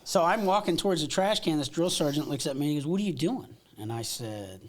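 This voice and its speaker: Middle-aged american guy, slightly high voice, telling war stories, lots of restarts and laughs. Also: quick pace. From United States. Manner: animated storyteller, many restarts and laughs. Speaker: podcast guest. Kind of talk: casual storytelling interview.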